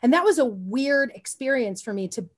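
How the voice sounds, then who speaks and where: On a podcast, an animated woman with a slightly high voice, an actor appearing as a guest, tells a long story in casual interview style. She rambles, loops back, tosses in quick asides and often says "you know what I mean."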